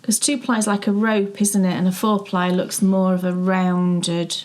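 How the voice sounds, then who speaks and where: A woman's voice: mid-range voice, level tone, normal speed, darkish tone. Chatty woman telling stories. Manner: chatty, storytelling, laughs often. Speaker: podcast co-host. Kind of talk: casual knitting chat.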